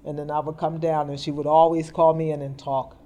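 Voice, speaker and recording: Sitting low in pitch with a level, mellow tone, this middle-aged woman guest speaks briskly and plainly, earnestly sharing personal stories in conversation. The indoor interview audio, recorded on a podcast mic, sounds dull.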